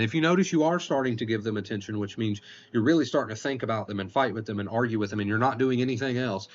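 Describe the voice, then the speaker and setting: A man hosting a livestream as an anxiety recovery coach, explaining points slowly and often repeating himself while reading chat aloud. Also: lowish voice, muffled recording, slight background noise. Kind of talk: casual livestream advice talk.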